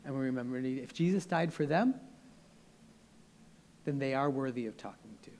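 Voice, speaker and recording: A man's voice: mid-range voice, expressive, moderate pace, darkish tone, a little hiss or hum. A young man preaching a sermon in an earnest, conversational way, often restarting his sentences.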